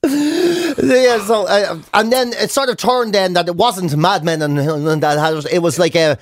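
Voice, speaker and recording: A man's voice: sits high, measured pace, no echo, clean studio sound. A man with an Irish accent hosting a radio show, trading playful, jokey banter in a rambling way. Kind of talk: casual comedic banter.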